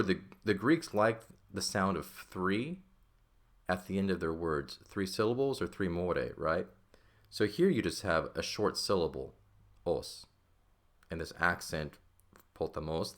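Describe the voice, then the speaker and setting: A man with a very low voice talks through a recorded lesson. He explains each point in small steps and keeps checking in with the listener. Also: a bit bright. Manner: explains step by step, often checks with "right?" and "okay?". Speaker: Greek teacher.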